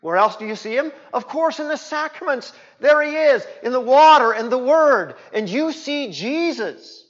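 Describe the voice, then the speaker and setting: A male pastor preaching a sermon in a church, emphatic, repeating key words and swinging from loud to hushed. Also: very high voice, expressive, moderate pace. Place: church sanctuary. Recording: reverberant, dull lo-fi church recording.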